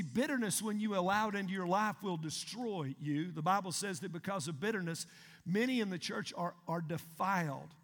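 A male pastor, preaching a sermon in an animated, emphatic way and asking the congregation questions. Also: sits high. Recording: long hall reverb.

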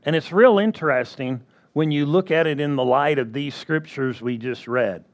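A man's voice: on the high side, normal speed. A man preaching a sermon who repeats his key phrases and keeps asking the congregation for agreement.

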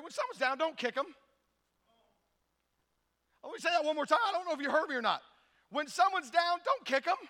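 A pastor preaching a sermon, telling stories with animated voices and acting out the characters. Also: male voice, extremely high pitch, in a large hall.

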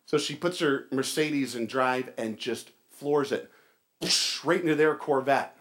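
A man's voice: medium pitch, measured pace. A man as pastor, giving a casual sermon with a joke and church announcements, chatty with fillers and restarts.

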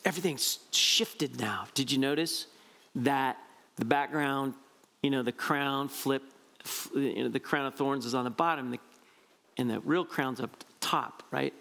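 A man preaching a conversational, animated sermon, often asking "right?" to his listeners. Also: mid-range voice, unhurried, vocal fry. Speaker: pastor.

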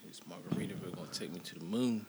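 A man's voice: low-pitched, very fast, dark tone. Blunt teasing man, faint background noise. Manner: teasing, blunt, swears a lot. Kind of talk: casual chat.

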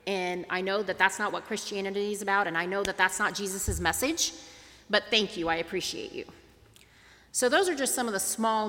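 Speaking in a large hall, a middle-aged interfaith advocate from Tulsa, Oklahoma, recounts a personal story and performs the dialogue herself as an animated storyteller. Her voice is medium-pitched.

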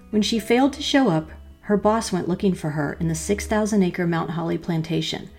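Low, gravelly woman storyteller. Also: darkish tone. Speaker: podcast host and storyteller. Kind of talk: storytelling narration.

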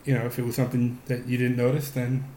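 A man's voice: mid-range voice, monotone, fast talker, over a noisy crowd. A man co-hosting a podcast in casual chat, rambling with frequent restarts and fillers. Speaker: podcast co-host. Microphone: podcast microphone. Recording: echoey room with faint noise.

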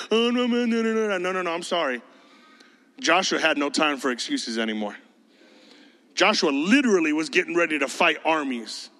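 A man delivers an emphatic, conversational sermon in a high voice with a bright, forceful edge. His words ring out with a long reverb, as in a large hall. He slips into mocking voices to make his points. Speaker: pastor.

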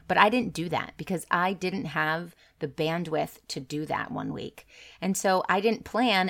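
A woman's voice: fairly low pitch, creaky, a bit bright. A woman business coach talking candidly and earnestly about taking a break from posting content. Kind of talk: casual direct-to-camera talk.

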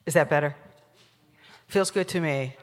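A woman rabbi opening her sermon in a relaxed, joking way to the congregation. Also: deep voice, a little slow. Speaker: guest rabbi and scholar. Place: synagogue sanctuary. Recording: long hall reverb.

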